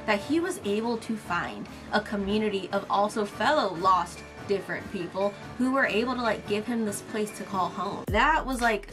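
A young woman telling a story on her channel in a casual, dramatic and animated way, breaking into shrieks and swearing. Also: medium pitch. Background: background music.

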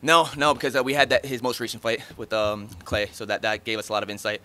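With a low, flat, smooth voice that still sounds pushed and bright, a thirty-something fighter talks to the press after his bout. He answers casually, quickly and bluntly, cursing without restraint.

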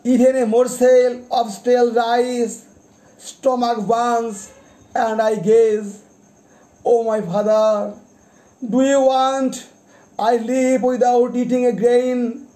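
Guy with a really high voice reading his poems out super slow, says the title twice, explains them after. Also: level tone, warm tone. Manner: deliberate, repeats titles and page numbers. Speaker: poet. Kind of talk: poetry recitation.

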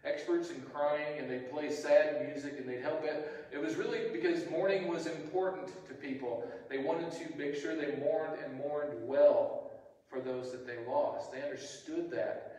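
A man's voice: a little high, fairly even intonation, measured pace, warm tone. A man preaching a sermon as pastor, telling the story conversationally with frequent restarts. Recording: echoey hall, distant mic.

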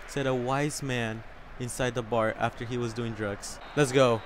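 A young man commentating his own soccer video game live, excitable and swearing, whooping and yelling at big plays. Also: mid-range voice, measured pace, a crowd in the background, noisy background. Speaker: gamer.

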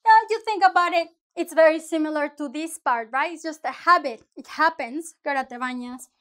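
A woman teaching a casual language lesson, explaining slowly and giving many examples. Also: high-pitched, fairly bright tone. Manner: explains slowly, switching between examples and English. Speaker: Spanish teacher.

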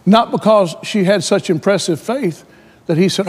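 A man preaching a sermon, telling his own story and swelling to shouts when quoting Bible figures. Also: high voice, moderate pace, husky, in a large hall.

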